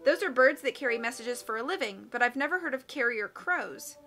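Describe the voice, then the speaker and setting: Bookish boy, calm explainer, read by a woman, bright and a bit high. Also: fairly quick, faint music behind. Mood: explaining. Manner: patient, explanatory reading.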